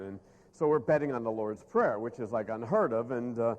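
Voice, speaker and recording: A man's voice: mid-range voice, fast talker, big-room sound, a little hiss or hum. A middle-aged man giving a humorous keynote speech, telling stories to a live audience and acting out the people in them. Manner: animated storyteller who acts out the people in his stories. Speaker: keynote speaker. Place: stage before a live audience.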